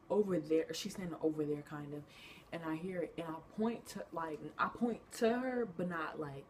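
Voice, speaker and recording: A woman's voice: deep voice, a little mellow, slight background noise. A woman telling a story on her vlog, chatty, full of "like" fillers, acting out what people said. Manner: chatty, many "like" fillers, acts out quotes. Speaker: vlogger.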